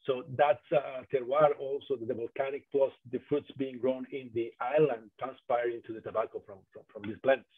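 A man's voice: mid-range voice, fairly even intonation, normal speed, few pauses, husky. A man who makes cigars explains his product on a video call, steadily and with filler sounds. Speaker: cigar maker. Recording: tinny phone-like line.

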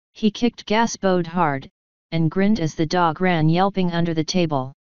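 A woman narrating an audiobook in a measured, dry storytelling manner. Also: lowish voice, darkish tone, clear, resonant tone, no room sound. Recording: dull lo-fi audio.

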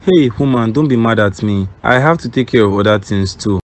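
A man's voice: lowish voice, fairly quick, soft background music, lightly acted. A man voicing a cold, scheming husband in a cartoon drama, talking dismissively.

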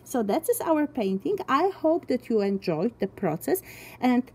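A woman's voice: on the high side, sing-song, measured pace, dark tone, slightly rough. A woman art teacher giving a chatty, encouraging step-by-step drawing demonstration, thinking aloud as she works.

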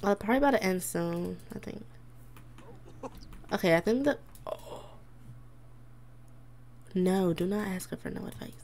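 A woman's voice: mid-range voice, a little slow, pauses often, darkish tone, slight background noise. A young woman chatting casually as she plays a life-sim game, reacting aloud to her characters and giggling often. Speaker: gaming YouTuber. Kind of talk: casual let's-play commentary.

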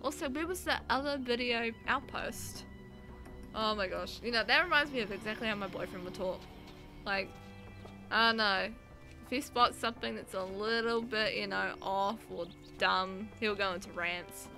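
A woman's voice: mid-range voice, normal speed, over music. A young woman in her late teens chatting casually and rambling while playing a video game. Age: young adult. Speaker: let's play host.

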